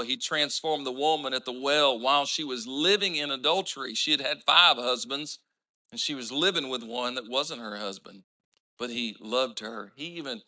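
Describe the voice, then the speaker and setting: A man delivers an impassioned sermon. His voice is very bright and slightly high for a man. He builds to emphatic peaks, then eases into relaxed storytelling. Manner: impassioned preaching with rising emphatic lines and storytelling asides. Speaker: pastor.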